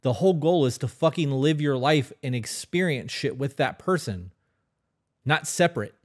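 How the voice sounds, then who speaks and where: Casting note: man podcast co-host, mid-pitched voice, blunt and profane, casual. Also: animated, moderate pace. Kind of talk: casual chat.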